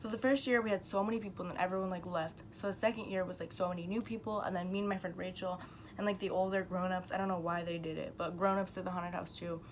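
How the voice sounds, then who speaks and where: A woman's voice: fairly low pitch, steady tone, fast, noisy background. A young woman chatting casually to her camera, telling a rambling story full of "like" and the odd swear.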